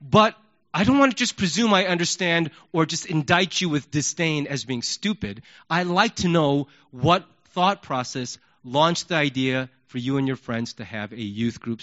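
A man preaching a sermon in an animated way, acting out yelled questions. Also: on the high side. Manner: animated, acts out yelling questions. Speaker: pastor. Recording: dull lo-fi recording.

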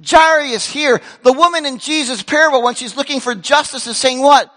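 A man preaching a sermon as a pastor, animated and emphatic, acting out the voices of the people he describes. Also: extremely high pitch, moderate pace, few pauses, in a large hall. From grew up in a Korean church community. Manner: animated, acts out quoted voices, shouts for emphasis. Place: church sanctuary.

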